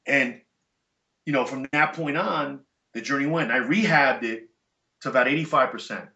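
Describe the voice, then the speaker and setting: Bright-voiced middle-aged man telling stories. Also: mid-range voice, normal speed. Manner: animated, emphatic, blunt with profanity. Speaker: podcast guest, chiropractor and jiu-jitsu black belt. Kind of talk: casual storytelling chat. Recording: echoey room, dull lo-fi sound.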